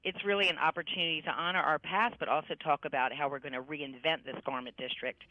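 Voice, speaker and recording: A woman's voice: low voice, fairly even intonation, quick pace, dry recording. A woman calling in as a radio guest, talking in an upbeat, persuasive way. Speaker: guest by phone. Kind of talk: casual radio interview. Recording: dull phone-line audio.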